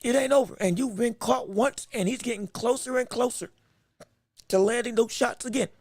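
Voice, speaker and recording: A very high-pitched man calling a boxing match live from his podcast setup, close on a dry microphone. He reacts quickly and excitably to each exchange and restarts his phrases as the action moves. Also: no echo. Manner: excitable, quick reactions, frequent self-corrections. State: hiccups. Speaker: podcast host and fight commentator.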